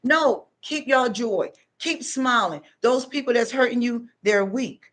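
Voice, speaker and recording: A middle-aged woman, a spiritual self-help vlogger, gives an emphatic, unscripted motivational monologue straight to her followers. Her voice is on the high side and a bit bright, at a measured pace.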